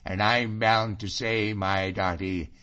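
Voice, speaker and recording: A man doing a hearty, mocking Highlander. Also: little pitch movement, takes it slowly, bright, forceful tone, clear, resonant tone. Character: bold wily Scottish Highlander, middle-aged man. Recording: dull lo-fi audiobook recording.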